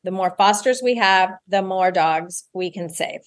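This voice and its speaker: Woman guest, earnest plain explaining, mid-pitched voice, interview. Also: a little slow. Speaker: guest, animal rescue founder.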